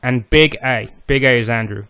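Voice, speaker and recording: A man hosting a podcast in casual chat, eager and quick, swearing freely. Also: mid-range voice, pushed and bright, clean tone, dry recording, rough recording. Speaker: podcast host.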